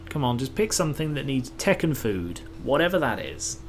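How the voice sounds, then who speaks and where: A man's voice: mid-range voice, sing-song, moderate pace. A man talks his way through a game in a mid-range voice, muttering complaints and dropping casual swears as he plays. It is loose, self-directed commentary. A faint hiss of background noise sits under the voice. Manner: grumbling, sweary, muttering to himself. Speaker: gameplay commentator.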